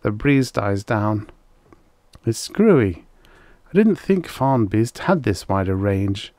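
A man voicing a nervous young male hunter who keeps talking himself into calm. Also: on the low side, slow pace, dry recording.

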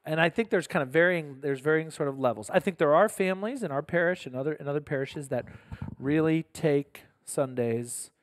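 A man's voice: a little high, brisk, few pauses, no room sound, clean studio sound. A man, a parish pastor hosting a casual podcast conversation, speaking earnestly with frequent restarts and self-corrections.

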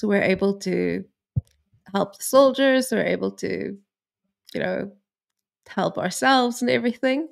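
Woman cohost, gravelly voice, lots of ums. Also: mid-range voice. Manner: relaxed, many ums. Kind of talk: casual live-stream chat.

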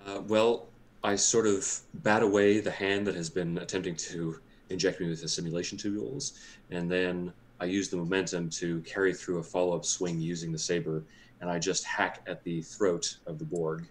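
A man's voice: low voice, level tone, normal speed, a little hiss or hum. A man playing a tabletop game who describes his character's actions in formal, proper speech. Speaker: player.

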